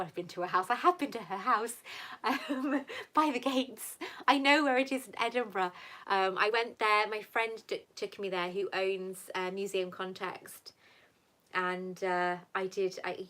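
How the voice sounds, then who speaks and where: A woman in her thirties from Wales, hosting a casual live Q&A and chatting warmly with viewers, calling them "lover" and "sweetheart". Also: mid-range voice. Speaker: livestream host answering viewer questions.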